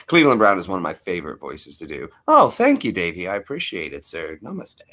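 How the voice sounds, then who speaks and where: Casting: male streamer, low voice, animated sing-song delivery, rambling. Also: moderate pace. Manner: rambling, chatty, repeats himself. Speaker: live streamer. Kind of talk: casual live-stream chat.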